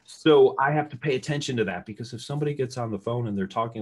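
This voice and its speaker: A middle-aged man with a loud voice, teaching real estate sales to a live audience in an energetic, conversational way and asking the room questions. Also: medium pitch, fast, hardly any pauses. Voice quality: loud talker.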